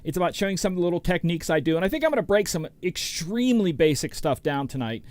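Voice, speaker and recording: A talkative middle-aged man hosts a casual DJ livestream and greets chat viewers one by one. His voice sits a little high for a man. The sound is dry and close to the mic. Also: very animated, fast, darkish tone, no echo. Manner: rambling, chatty, greets viewers by name. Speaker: DJ and show host.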